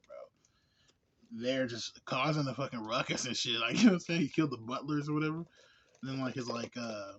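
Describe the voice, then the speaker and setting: A man giving a casual movie review, laid-back and slangy, rambling with lots of fillers and laughs. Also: medium pitch. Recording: dull lo-fi recording.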